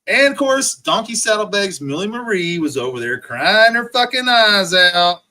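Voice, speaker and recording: A man's voice: sits high, very animated, moderate pace, bright, forceful tone, poor audio. A man ranting profanely on his livestream, mocking rivals over and over and answering chat comments. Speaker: livestream host.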